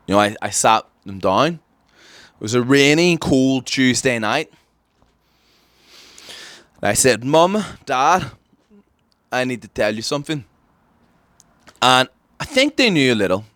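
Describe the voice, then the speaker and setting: A man's voice: on the low side, a bit bright, no echo. A man with an Irish accent hosting a podcast, delivering an emphatic, ranting satirical comedy monologue. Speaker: podcast host.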